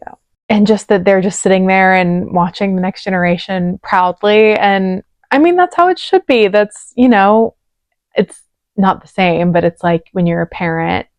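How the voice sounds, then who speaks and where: A woman's voice: lowish voice, little pitch movement, normal speed, darkish tone, no room sound, dull audio. A woman hosting a reaction video, talking casually and emotionally with lots of "like" fillers, close to the mic. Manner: chatty, gushing, many "like" fillers. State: emotional, choked up.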